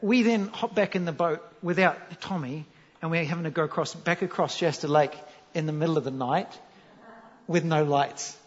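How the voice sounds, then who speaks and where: With a fairly high pitch and moderate pace, a New Zealand pastor speaking in his local accent gives a sermon told as a lighthearted story. He's animated, jokes around, and asks the audience questions. Sound is dull and lo-fi in an echoing hall.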